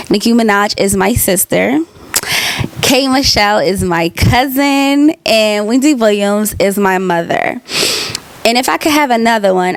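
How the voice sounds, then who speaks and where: A woman's voice: mid-range voice, no echo. Bubbly chatty young woman. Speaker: aspiring talk show host and vlogger. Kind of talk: casual self-interview answers.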